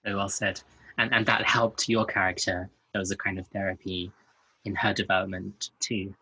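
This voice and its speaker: Male interviewer, husky, polite and hesitant, dry sound. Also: low-pitched, flat delivery, moderate pace, bright, forceful tone, no room sound, rough recording. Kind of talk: interview questions.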